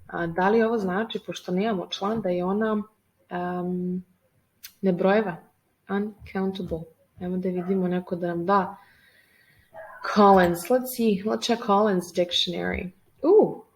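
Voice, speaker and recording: A woman's voice: fairly low pitch, steady tone, moderate pace, low-quality recording. A woman explaining English grammar as a teacher, hesitant and full of fillers as she reads a text aloud. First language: Serbian. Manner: hesitant, many fillers, switches between languages.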